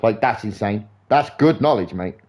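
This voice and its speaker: A young man streaming a game live, rambling in sweary, animated football banter. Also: fairly low pitch, moderate pace. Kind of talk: casual chat while gaming live.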